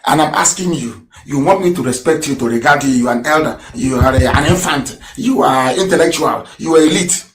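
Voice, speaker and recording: A man delivering an impassioned political radio broadcast, firing rhetorical questions and swinging between shouts and low mutters. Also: fairly quick, few pauses, a little hiss or hum. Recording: roomy echo.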